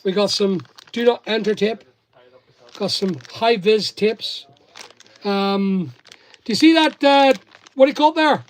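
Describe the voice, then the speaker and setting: With long pauses and an unhurried, high-pitched delivery, a man with a Northern Irish and English accent talks to live-stream viewers while packing orders. He runs an online shop and channel, and teases the staff working nearby.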